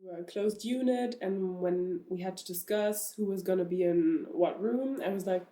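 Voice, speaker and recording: A woman's voice: on the low side, moderate pace, hardly any pauses, mellow. A young woman, a former classmate, recalling school memories in a chatty, casual interview with plenty of fillers.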